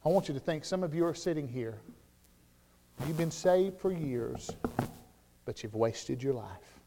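A man with a Southern US accent preaches a sermon in a fairly high voice, and the long reverb of a church hall trails after every phrase. He swings from loud, shouted declarations to quiet, conversational storytelling. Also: lively intonation, a little slow, noisy background. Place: church sanctuary.

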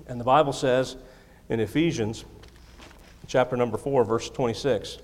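A man's voice: medium pitch, moderate pace. Man, preacher, sermon, emphatic repetition, self-deprecating humor, church mic, long reverb. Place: church sanctuary. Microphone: handheld or stand microphone.

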